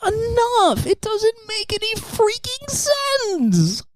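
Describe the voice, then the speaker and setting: A man doing a whiny, tearful leader in falsetto. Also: wildly swooping pitch, takes it slowly, no room sound, exaggerated voice. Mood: exasperated pleading. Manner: high, tearful, exasperated pleading. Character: whiny exasperated male leader, pleading in falsetto.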